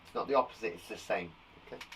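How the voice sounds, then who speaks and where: A man with an English accent teaching a live online lesson to young children, lively and animated, acting out example sentences. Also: lowish voice, fast talker, distant mic, slight background noise, poor audio. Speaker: primary school teacher.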